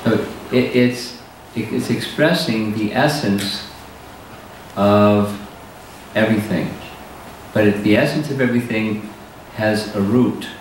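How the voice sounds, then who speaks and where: Heard from a distance in a hall full of strong echo and a slight background hiss, a male spiritual teacher lectures on scripture. His somewhat low voice moves slowly and deliberately, with many pauses between phrases.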